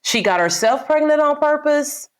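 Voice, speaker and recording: A woman's voice: high-pitched, lively intonation, moderate pace. A woman guest on a casual podcast, reacting bluntly with frequent swearing. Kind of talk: casual chat.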